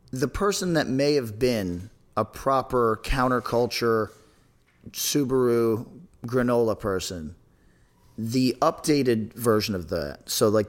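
Rambling, sardonic podcast host. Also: male voice, mid-range voice, slow pace. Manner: rambling, many restarts, profane and sardonic. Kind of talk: casual podcast chat.

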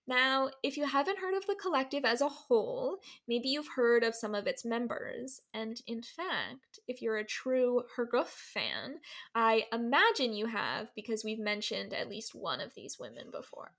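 Bubbly woman podcast host, higher voice. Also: expressive, normal speed, a bit bright. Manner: bubbly, laughs often, playful teacher act. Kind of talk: casual storytelling chat.

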